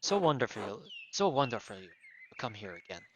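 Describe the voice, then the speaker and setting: A man voicing a haughty, self-important baron who talks loudly and grandly in a game playthrough. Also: fairly low pitch, very animated, brisk, slight background noise, pitched below the performer's own voice, poor audio. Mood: pompous. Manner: loud, pompous.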